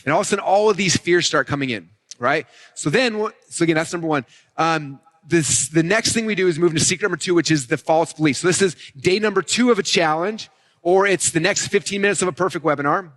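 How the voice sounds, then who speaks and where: A man teaching a live marketing session, fast and energetic, often acting out customers' thoughts. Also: fairly high pitch. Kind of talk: live event teaching talk.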